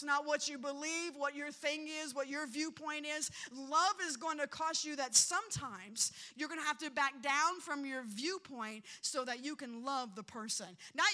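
A woman preacher delivering a sermon with passion, repeating key lines and swinging between loud emphasis and quiet asides. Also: high-pitched.

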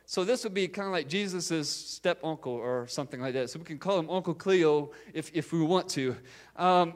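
A man preaching a sermon in an earnest way, often repeating phrases and restarting his sentences. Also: high-pitched.

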